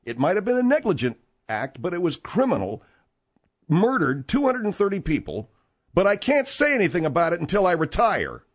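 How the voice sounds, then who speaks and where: A man's voice: high voice, wildly swooping pitch, a little fast. A man hosting a talk radio show, delivering a combative, rambling and sarcastic monologue.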